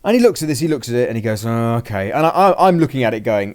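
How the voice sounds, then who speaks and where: Recapping a tabletop game play by play, this podcast host talks casually and meanders, frequently restarting and voicing what he and his opponent said. He's medium-pitched and a little mellow, swinging widely in pitch and talking fast with few breaks.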